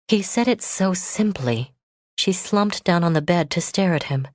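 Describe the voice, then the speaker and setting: Woman narrator, low voice, measured audiobook reading, dry booth sound. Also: expressive, no echo. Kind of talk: scripted narration.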